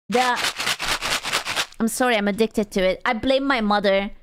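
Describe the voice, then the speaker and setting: A young adult woman streams and chats with her audience in a casual, teasing way, with crude jokes along the way. Her voice sits high and comes through clean and smooth. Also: moderate pace, fairly bright tone. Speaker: VTuber streamer.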